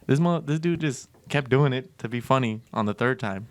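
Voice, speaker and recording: A young man co-hosting a podcast, telling stories in casual chat, laughing often and slipping into quick put-on voices. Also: on the high side, lively intonation, a bit bright, no echo. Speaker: podcast co-host.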